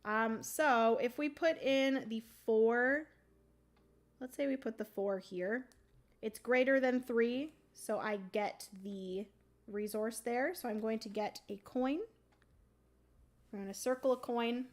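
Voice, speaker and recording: A woman's voice: a little high, slow. Woman with a throaty morning voice. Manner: chatty, many ums, thinks aloud. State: morning voice, keeps clearing her throat. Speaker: board game livestream host. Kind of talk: casual rules explanation while playing.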